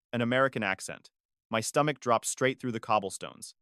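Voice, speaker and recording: A man narrating a first-person dramatic story in a measured, confessional way. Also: medium pitch, fairly bright tone, clear, resonant tone, no room sound, studio quality.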